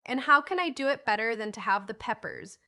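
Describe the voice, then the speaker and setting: A woman voicing a bossy, impatient old gentleman in an audiobook, brusque and quick to snap. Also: fairly high pitch, lively intonation.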